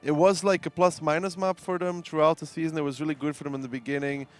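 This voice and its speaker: A man's voice: fairly high pitch, fairly even intonation, quick pace. Guy breaking down a match, lots of uhs, faint music behind. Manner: thinking aloud with many fillers. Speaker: esports analyst. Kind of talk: esports commentary.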